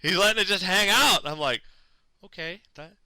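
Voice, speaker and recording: A man casually telling a long comic story, acting out his own and other people's lines with big jumps in pitch, swearing freely and mocking himself. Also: normal speed, dry recording. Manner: animated, acts out quotes with big pitch swings; profane, self-mocking.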